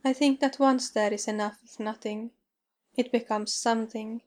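A woman voicing a tired, wistful British officer who speaks quietly and tersely. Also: fairly high pitch, fairly even intonation, moderate pace, natural voice. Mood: weary quiet. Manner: quiet, terse, world-weary.

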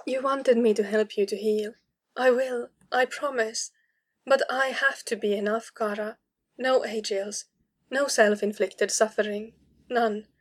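A woman voicing a tender, protective woman companion who speaks softly, steadily and reassuringly. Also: on the high side, steady tone, measured pace.

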